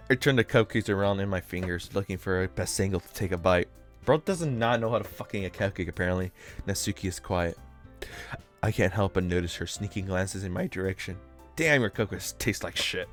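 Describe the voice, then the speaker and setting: Joking low-voiced man streamer. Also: a little fast, soft background music. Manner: joking, swearing, laughing asides. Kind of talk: reading a visual novel aloud.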